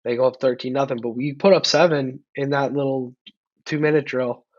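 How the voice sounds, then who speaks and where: A man's voice: medium pitch, fairly even intonation, no room sound, lo-fi sound. A man co-hosting a sports podcast, talking bluntly and speeding up when riled about his team. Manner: blunt, opinionated, fast when heated. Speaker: podcast co-host. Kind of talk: casual sports chat.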